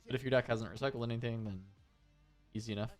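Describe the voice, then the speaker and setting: A man's voice: medium pitch, fairly even intonation, fast, soft background music. A man commentating live on a card game tournament, laid-back and thinking aloud.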